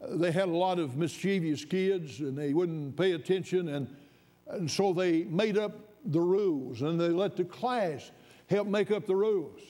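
A man preaches from the pulpit in a high voice. He tells his story at an easy pace, then climbs to fervent, ringing emphasis. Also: normal speed, dark tone. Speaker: pastor. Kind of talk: sermon storytelling.

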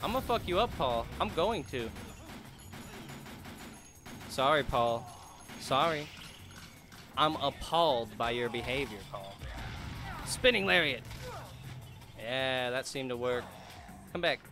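A man commentating a video game as he plays, excitable, laughing and swearing, talking back to the characters on screen. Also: mid-range voice, takes it slowly, long pauses, over music. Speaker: gaming YouTuber. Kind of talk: let's play commentary.

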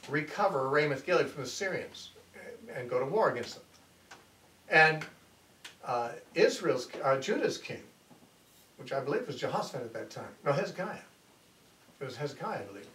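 A man's voice: a little high, fairly bright tone. A man teaching a Bible lecture, retelling a scripture story in a conversational way and correcting himself as he goes. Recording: echoey room, voice from far off, faint noise.

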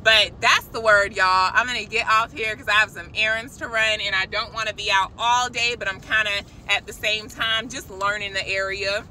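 A woman giving an excited, preachy spiritual message to her viewers from a parked car, calling them y'all. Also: mid-range voice, normal speed, hardly any pauses, slight background noise, rough recording. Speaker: christian vlogger. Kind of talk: casual spiritual vlog. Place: parked car outside a shop.

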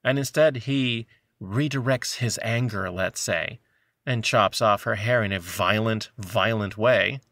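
Bright-voiced sarcastic male podcast co-host. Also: fairly low pitch, unhurried, no room sound, clean studio sound. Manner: animated, sarcastic, acts out quotes in mocking voices. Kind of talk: casual movie review chat.

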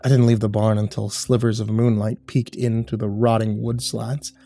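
Brief: a male horror storyteller with a dark, relaxed tone, steady grim reading over soft music. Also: on the low side, moderate pace. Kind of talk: scripted horror narration.

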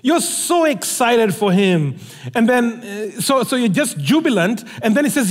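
A male pastor preaches with a high, lively voice that swings all over as he tells a story and plays both sides of a conversation. The sound carries a long reverb from a church sanctuary. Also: moderate pace. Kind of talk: sermon.

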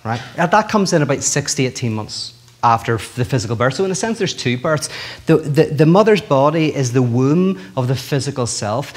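Man giving an animated joking lecture. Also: medium pitch. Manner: animated, joking, many restarts. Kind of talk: public lecture.

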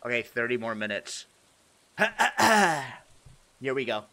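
A young man streaming a game, chatting casually with his viewers in a joking, animated way and laughing often. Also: medium pitch, slow, noisy background. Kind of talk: casual livestream chat, reacting to chat.

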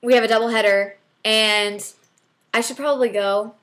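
A woman's voice: on the high side, fairly even intonation, normal speed, a bit bright. A young woman co-hosting a casual vlog, chatting and telling stories, acting out quotes with laughs. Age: young adult. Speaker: vlog co-host. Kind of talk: casual chat.

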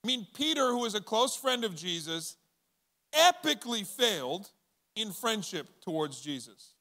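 A male pastor giving a sermon in a casual, animated way, acting out bits of dialogue for his church audience. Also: high voice, normal speed. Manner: conversational and animated, acting out quoted voices.

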